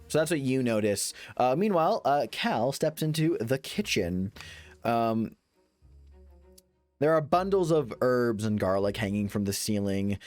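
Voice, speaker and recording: Low-voiced game master, dry sound. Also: male voice, a little mellow, dry recording. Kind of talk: running a tabletop game.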